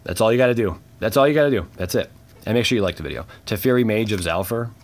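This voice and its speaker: A man hosting a casual card-opening video, talking in a relaxed, slangy way and reading card names aloud with quick bursts of excitement and muttered asides. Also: on the low side, slight background noise. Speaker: channel host opening trading cards. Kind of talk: casual unboxing chat.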